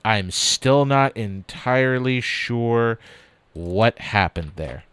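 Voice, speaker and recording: A man's voice: mid-range voice, expressive, slow, fairly bright tone, smooth. Rambling, chatty male streamer. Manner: rambling, chatty, casual swearing. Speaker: streamer building model kits. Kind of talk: casual live-stream chat.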